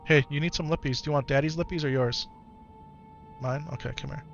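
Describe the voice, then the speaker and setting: An American man in his thirties chats casually on a home live stream, his voice pitched a little high. He speaks gently and patiently to his child, then turns lively with his viewers, with clear music playing under him. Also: fairly quick, dull audio. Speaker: streamer and father.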